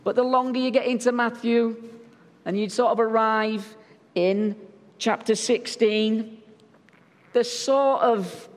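A man's voice: extremely high pitch, steady tone, takes it slowly, pauses often, in a large hall. A male pastor preaching a sermon in a church, telling stories in a jokey, conversational way. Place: church sanctuary.

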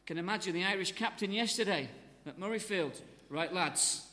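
A man preaching a sermon with a light, fairly high voice. He is lively and jokey and slips into voices of crowds and speakers as he tells it. His words ring out with a long reverb, as in a large hall. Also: fast.

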